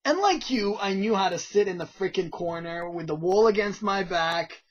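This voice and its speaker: A man in casual podcast chat, telling a story in a loud, teasing way. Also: high voice, expressive, normal speed, muffled recording. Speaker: podcast co-host.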